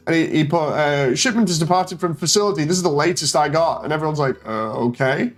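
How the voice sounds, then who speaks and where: A man streaming casually, telling a story with animated energy and reading out chat messages in a mocking tone. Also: a little high, fast, soft background music. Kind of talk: casual stream chat, retelling an online exchange.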